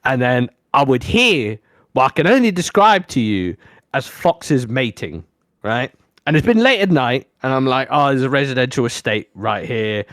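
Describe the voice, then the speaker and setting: Animated swearing young man telling a story. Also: medium pitch, moderate pace, no echo. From African. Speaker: podcast co-host. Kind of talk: casual storytelling chat.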